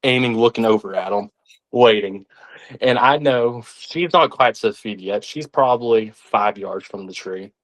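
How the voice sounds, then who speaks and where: A young man, telling stories as a podcast guest in an animated way, sometimes acting out the voices of others. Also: lowish voice, normal speed. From Arkansas, United States. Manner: animated, acts out quoted voices. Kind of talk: casual storytelling.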